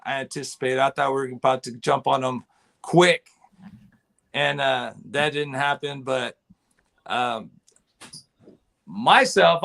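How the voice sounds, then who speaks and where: A man talking as a guest in a casual chat, excited and rambling. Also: a little high, creaky. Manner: excited, rambling fan talk. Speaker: podcast guest.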